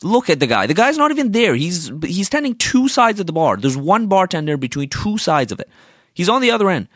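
Young man, fairly high voice with big swings, dry close sound; profane, sarcastic storyteller venting. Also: very animated, fairly quick, no room sound. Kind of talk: casual storytelling rant.

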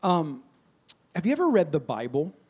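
A man with a high, bright voice preaches with lots of energy. He swings from loud calls to soft near-whispers, constantly prompting his listeners to answer. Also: wildly swooping pitch, moderate pace, breathy edge. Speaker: pastor. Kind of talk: sermon.

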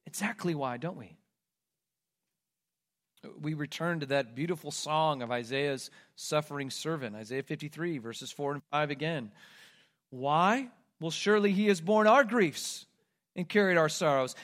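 A man preaching a sermon, reading scripture aloud and moving between loud, pleading cries and hushed, quiet lines. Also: fairly high pitch, moderate pace. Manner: reads scripture aloud with emphasis. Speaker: pastor.

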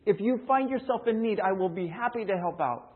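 A man's voice: sits high, fairly quick, breathy edge. A man voicing a small, frightened mouse that begs by repeating its words. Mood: pleading. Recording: tinny phone-like line.

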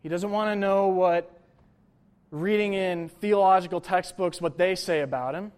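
A man's voice: sits high, fairly even intonation, moderate pace, a little mellow, clean tone. A young man preaching a casual, conversational sermon, joking and filling his talk with "like" and "uh". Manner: conversational, jokey, lots of fillers like "like" and "uh". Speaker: pastor.

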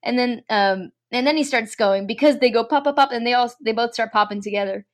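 A woman's voice: fairly high pitch, brisk. A woman co-hosting a podcast, recapping a film in a casual, rambling way with many ums and acted-out quotes.

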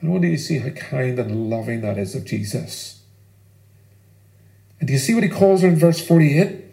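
A man preaching a sermon as pastor, earnest and emphatic, with deliberate pauses. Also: mid-range voice, lively intonation, gravelly, mellow, echoey room, low-quality recording.

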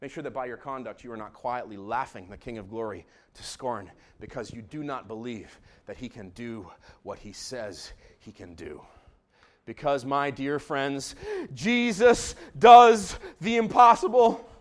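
A man preaching a sermon as pastor in a church, swinging from hushed tones to shouting. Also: mid-range voice, unhurried. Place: church sanctuary.

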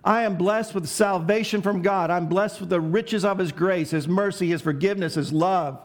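High-voiced man preaching a sermon. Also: normal speed. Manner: asks the congregation questions and lets them answer; preaching with emphatic, varied delivery. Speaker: pastor.

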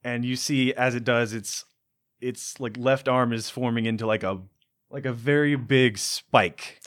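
A man running a tabletop game as game master, describing scenes in a halting way with many fillers. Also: mid-range voice, fairly even intonation, a bit bright.

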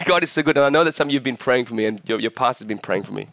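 A man's voice: expressive, fast talker, creaky, a bit bright, dry recording. Sick pastor guy in his 40s, preaching with a cough, gets really fired up, dry close sound. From Vietnam. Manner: impassioned, rising in pitch at climaxes, asks the crowd questions. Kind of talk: sermon. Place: church.

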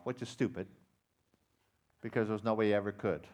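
A man preaching a sermon as pastor, retelling a parable with dramatic emphasis that swings from loud to quiet. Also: lowish voice, a little fast, pauses often. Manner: dramatic storytelling, loud rising emphasis then quiet intensity.

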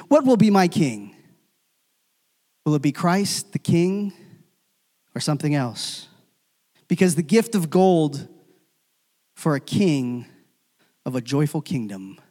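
Preaching man with hall reverb. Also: fairly high pitch. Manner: swings from loud emphatic calls to hushed, near-whispered endings. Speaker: pastor. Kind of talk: sermon.

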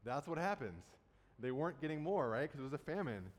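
A man's voice: fairly high pitch, very animated, a little fast. A man preaching a sermon, retelling a Bible story in a conversational way and casually acting out the quotes. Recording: long hall reverb.

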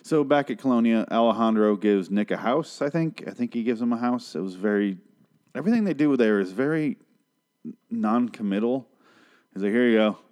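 Recapping a TV episode in a casual way, a young man rambles sarcastically, curses freely, and briefly mimics the characters in mock voices. His mid-range voice is expressive with a darkish tone.

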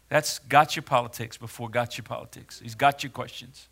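A male pastor preaching a sermon in a dramatic way, swinging from hushed words to loud ones. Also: medium pitch, fairly even intonation, normal speed, creaky, few pauses.

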